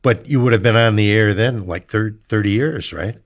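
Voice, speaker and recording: A man's voice: on the low side, normal speed. A man hosting a podcast, asking brief, encouraging interview questions. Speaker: podcast host.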